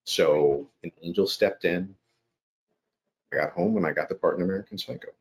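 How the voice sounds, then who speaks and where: A man, an actor and guest, telling a personal story in conversation, animated and acting out his quotes. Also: low voice, normal speed, creaky. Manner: animated, acts out quotes in raised voice. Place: New York.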